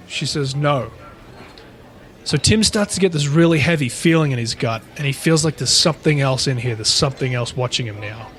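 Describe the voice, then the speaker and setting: Casual swearing man telling a ghost story. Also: on the high side. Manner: rambling, swears freely, retells a ghost story. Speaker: podcast co-host.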